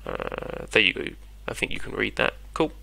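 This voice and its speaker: A man's voice: fairly low pitch, huge pitch swings, normal speed, gravelly, bright, forceful tone, a little hiss or hum, poor audio. A man with a British accent, patiently explaining grammar as a tutor in an online lesson and checking in with his listener. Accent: British English. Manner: patient, conversational, checks in with "yeah?".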